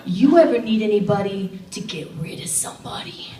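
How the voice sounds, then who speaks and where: A woman comedian putting on a shady middle-aged man who quietly offers to do crimes, speaking low and conspiratorial. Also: lively intonation, moderate pace, slight background noise, close to an everyday voice. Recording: roomy sound from a distant mic.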